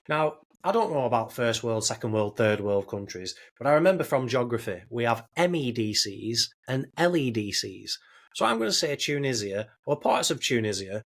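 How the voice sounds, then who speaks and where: Man, podcast co-host, casual chat, animated, swears, acts out quotes. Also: mid-range voice.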